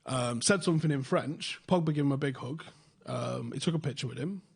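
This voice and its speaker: A young man, telling a story in casual podcast chat, swearing freely and getting animated when excited. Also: mid-range voice, a little fast, creaky, slightly rough. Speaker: podcast host.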